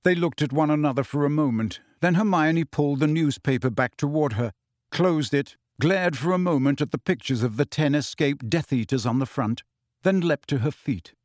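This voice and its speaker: A man narrating an audiobook with a steady, expressive reading. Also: fairly high pitch, moderate pace, no room sound, clean studio sound. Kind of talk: scripted narration.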